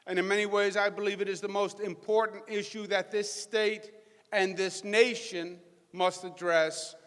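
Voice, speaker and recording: A man's voice: sits high, a bit bright, clean tone. A middle-aged man with a Queens, New York accent giving a folksy, emphatic rally speech to a crowd. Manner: folksy, emphatic, punchy crowd-rousing delivery. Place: large hall with a live audience. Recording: echoey hall PA sound.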